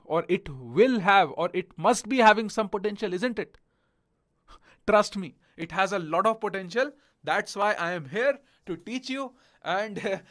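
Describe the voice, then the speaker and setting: A young man with a notably high voice explains programming concepts in a video lesson. He repeats key terms, reassures the viewer, and punctuates sentences with "okay?" and "right?". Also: a bit bright. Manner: repetitive, reassuring, checks in often with "okay?". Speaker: programming instructor.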